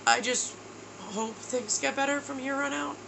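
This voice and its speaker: In a high, steady voice with vocal fry, a thirtysomething New York woman speaks at a moderate pace over background noise. Exhausted and close to tears, she tells her video diary candidly and emotionally, saying "bro."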